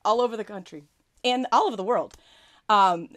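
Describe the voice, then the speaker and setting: A woman's voice: mid-range voice, a little fast, fairly bright tone. Bubbly gushing woman hosting a live stream. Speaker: stamping and card-making demonstrator hosting a live video. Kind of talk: casual live-stream chat to viewers.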